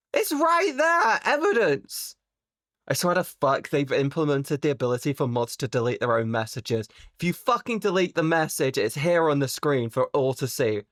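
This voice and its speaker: A woman live streamer chatting casually with her viewers, playful and teasing, swearing freely and jumping suddenly into high squeaky exclamations. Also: no room sound, studio quality.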